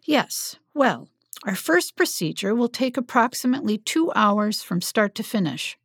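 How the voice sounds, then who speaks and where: A woman voicing a composed female medical worker, explaining in a measured way. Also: medium pitch, very animated, husky, no echo, clean studio sound, exaggerated voice. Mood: businesslike.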